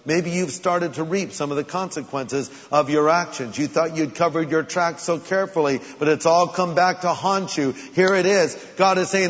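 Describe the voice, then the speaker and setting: A man with a high voice preaches a sermon, shifting between easy conversation and sudden dramatic emphasis. His voice rings with long hall reverb on a dull, lo-fi recording. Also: normal speed, hardly any pauses. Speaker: pastor.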